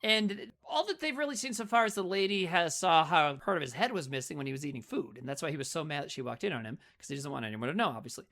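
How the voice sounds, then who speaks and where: Low-pitched and quick, with few pauses, this woman is a podcast co-host giving a casual, profane movie recap. She is animated throughout and acts out lots of quotes.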